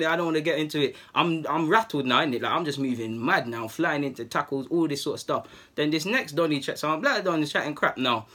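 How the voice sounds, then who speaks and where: A young man, telling a story casually to his channel's viewers in lively slang. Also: fairly high pitch, quick pace, heavy background noise. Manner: lively, slangy, acts out heated exchanges. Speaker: YouTuber.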